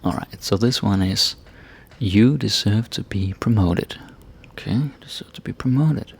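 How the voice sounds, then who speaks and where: A man teaching a casual grammar lesson, relaxed and checking in with "right?" and "eh?" as he explains. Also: fairly low pitch, a little slow, gravelly, breathy edge. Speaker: language teacher.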